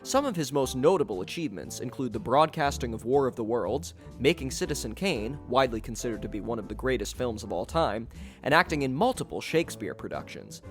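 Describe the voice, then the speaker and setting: A man narrating a podcast episode in a measured storytelling delivery. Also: medium pitch, sing-song, faint music behind.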